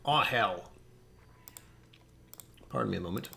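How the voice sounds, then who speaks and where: A man's voice: lowish voice, animated, measured pace, vocal fry, bright, forceful tone, a little hiss or hum. A man hosting a casual home whiskey livestream, rambling and often breaking off mid-thought to fix things. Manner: rambling, distractible, self-interrupting.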